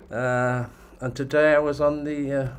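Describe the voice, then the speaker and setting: An older man from Germany, a guest on a casual video call, relaxed and meandering with occasional chuckles. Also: mid-range voice, slight background noise. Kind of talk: casual chat.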